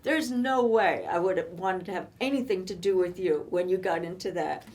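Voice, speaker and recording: A woman in her seventies reminiscing in casual chat, telling lively stories and laughing often. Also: fairly low pitch, moderate pace. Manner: animated storytelling, laughs often. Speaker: co-host.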